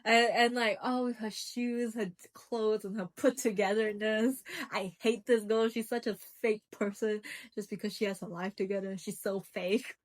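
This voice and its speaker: A young woman co-hosting a casual book review chat, rambling and excitable with frequent restarts. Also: mid-range voice, normal speed, hardly any pauses. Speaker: book podcast co-host.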